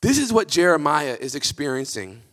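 A male pastor preaching a sermon in a church, impassioned and emphatic, building to near-shouts. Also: on the high side, sing-song, normal speed. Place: church sanctuary. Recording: reverberant church hall.

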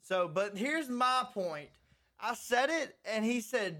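High-voiced young guy saying "dude". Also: measured pace. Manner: laid-back, says "dude" a lot, gets loud and excited when riled up. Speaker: podcast co-host. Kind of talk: casual podcast banter.

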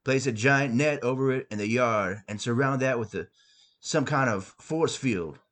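A blustering middle-aged dad who lays down the law and then trips over his own rules, as a man reads him out in a comic story. His voice is a plain, medium man's voice, stern and deliberate. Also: medium pitch, fairly bright tone, natural voice. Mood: weary.

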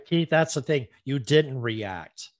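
A man's voice: medium pitch, expressive, takes it slowly, no echo. A man hosting a talk show, giving earnest, instructive advice in conversation.

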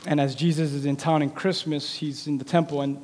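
High-voiced male pastor preaching in a hall. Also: little pitch movement, fairly quick, a little hiss or hum. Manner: preaching with shifting intensity, from loud cries to quiet asides; repeats the filler word "man". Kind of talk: sermon. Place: church sanctuary. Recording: long hall reverb with soft music.

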